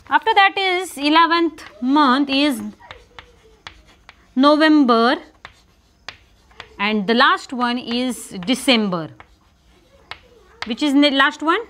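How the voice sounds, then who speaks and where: A woman teaching a children's lesson, repeating words slowly and asking and answering her own questions. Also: high voice, lively intonation, a bit bright. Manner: repetitive, asks and answers her own questions, stresses pronunciation. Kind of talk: online English lesson for young children.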